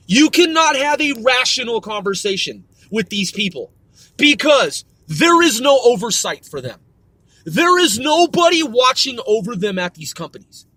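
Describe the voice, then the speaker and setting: A man's voice: very high voice, sing-song, moderate pace, sharp tone, no room sound. A man hosting a podcast, delivering a profane, emphatic, stern rant. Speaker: podcast host. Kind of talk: ranting podcast monologue.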